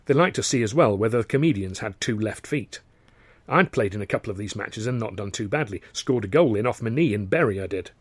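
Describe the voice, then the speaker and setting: A man narrating his own novel in a wry, measured way. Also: fairly low pitch, lively intonation, slightly rough, no echo. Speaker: author and narrator. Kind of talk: scripted audiobook narration.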